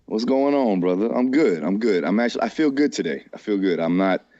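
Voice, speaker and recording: Deep-voiced laid-back man, dry muffled sound. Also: a little fast, dry recording. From Florida. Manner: relaxed, laid-back banter. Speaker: strength and conditioning coach, co-host. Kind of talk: casual podcast chat.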